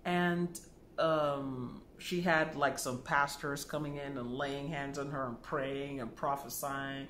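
A man's voice: a little high, lively intonation, normal speed, fairly bright tone, echoey room, slight background noise. A man teaching about dreams, telling a personal story in a chatty way with many fillers and asides, and acting out the voices of the people he quotes. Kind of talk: storytelling lesson to camera.

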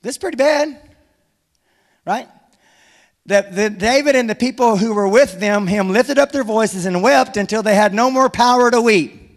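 A man preaches with a strikingly high voice, mixing jokes with firm urging. His sermon rings through a large hall with a long reverb tail. He sounds animated and direct. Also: normal speed. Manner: animated, humorous, exhorting. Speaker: pastor.

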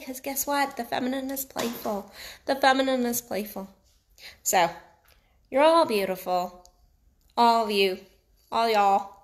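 This is a woman with a mixed New York and Texas accent, coaching her viewers in a blunt, casual motivational talk. Her voice sits slightly high and has a rough, gravelly texture. She swears freely and circles back to repeat her points. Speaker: sex and relationship coach. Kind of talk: motivational direct-to-camera talk.

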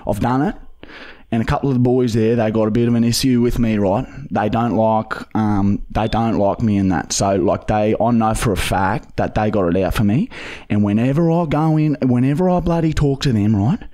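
A man's voice: lowish voice, steady tone, normal speed, warm tone, natural voice. A young man with an Australian accent playing a pushy, swearing job seeker on a prank call, rambling with lots of fillers. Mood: aggrieved. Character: desperate rough-talking male job seeker. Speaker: prank caller.

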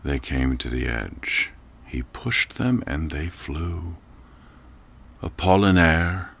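Deep, slow-speaking male narrator. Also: expressive, vocal fry, fairly bright tone, slightly rough. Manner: slow, measured and reflective. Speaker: audiobook narrator. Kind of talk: scripted audiobook narration.

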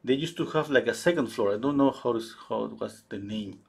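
Male painter, husky voice, halting live-stream chatter with many restarts. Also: medium pitch. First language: Spanish. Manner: halting, searches for English words, many restarts. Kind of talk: casual chat while painting live.

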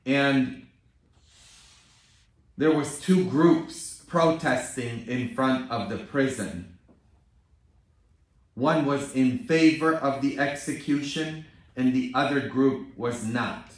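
A priest from Poland, preaching a sermon as a story and often turning to the congregation with a questioning "hmm?". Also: male voice, mid-range voice, slow, pauses often. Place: large church. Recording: very echoey church from a distant mic.

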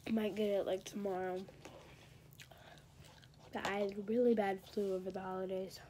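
A woman's voice: medium pitch, level tone, moderate pace, dark tone, slight background noise. A teenage girl rambling and gossiping in a casual vlog, a bit congested and talking while she eats in bed. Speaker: vlogger.

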